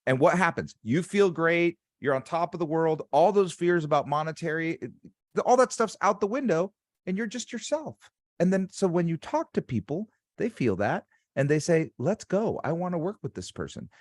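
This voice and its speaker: A man's voice: fairly high pitch, expressive, normal speed, no echo, studio quality. A man hosting a casual interview as a sales coach, talking in an emphatic, motivational way. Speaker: sales coach and podcast host.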